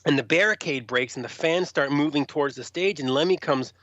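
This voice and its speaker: A man telling rock stories in an interview, animated, raising his voice to act out quotes. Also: on the high side, a little fast, dry recording. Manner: animated, acts out quotes in a raised voice. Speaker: rock journalist guest. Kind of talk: storytelling interview. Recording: dull, lo-fi sound.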